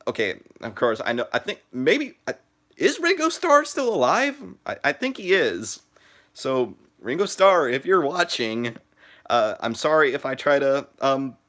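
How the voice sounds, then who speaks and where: A teenage boy live streaming from his phone, chatting in a halting way with lots of "uh" and "like" and restarted sentences. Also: medium pitch, fairly bright tone. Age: teens. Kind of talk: rambling live stream chat.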